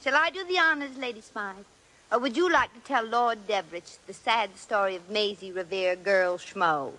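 A woman's voice: medium pitch, moderate pace, sharp tone, poor audio. An actress playing a slangy, wry American shop girl in a 1940s radio drama. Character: wisecracking American shop girl posing as a lady.

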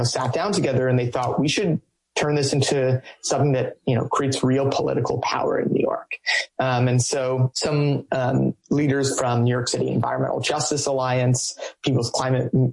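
A man who works as a coalition organizer, answering interview questions in a halting way, with many ums and restarts. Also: medium pitch, vocal fry, darkish tone, poor audio.

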